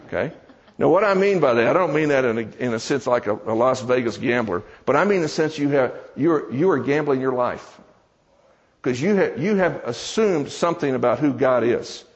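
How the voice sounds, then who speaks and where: A man's voice: medium pitch, vocal fry, long reverb tail, muffled recording. A man preaching a sermon in church, telling a story with conversational, joking asides to the congregation. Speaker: preacher and seminar teacher.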